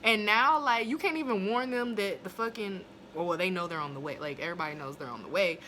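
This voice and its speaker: Speaking fast at medium pitch, bright and forceful, a young woman reviews a TV episode in a blunt, profane, casual way while laughing. The phone recording made at home has a slight hiss or hum.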